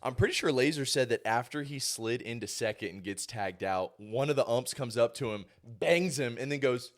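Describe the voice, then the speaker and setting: A young man in his twenties, a podcast host telling animated stories in casual chat and mimicking others. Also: medium pitch, normal speed.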